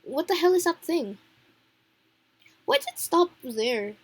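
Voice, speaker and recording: A grave, sorrowful young nobleman, as a woman reads him, hushed and slow. His voice sits a little lower than her own. He stays quiet and devoted. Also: animated, no echo.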